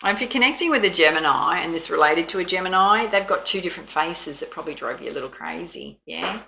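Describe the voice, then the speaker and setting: A woman's voice: on the low side, expressive, quick pace, vocal fry, bright, forceful tone, a little hiss or hum. An Australian woman giving a chatty, soothing tarot reading, with frequent laughs. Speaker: tarot reader.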